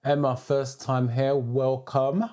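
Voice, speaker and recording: This is a British man running a live driving theory Q&A. His voice sits at a middling pitch with a dark, mellow tone. He welcomes viewers one by one and answers their questions as he reads their messages out. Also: flat delivery, slow pace. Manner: reads out viewer comments and greets them by name. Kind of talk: live-stream Q&A.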